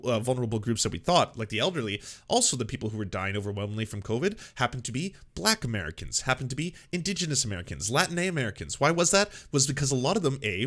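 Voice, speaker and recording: Fast-talking sarcastic male commentator. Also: mid-range voice. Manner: animated, sarcastic, with mocking quoted voices. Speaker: host. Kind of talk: political commentary.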